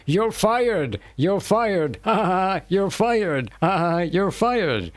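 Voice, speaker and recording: A man's voice: high-pitched, sing-song, slow, no echo, voice pushed up, exaggerated voice. A man voicing a gleeful murderous male robot that keeps cackling the same catchphrase. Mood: manic glee.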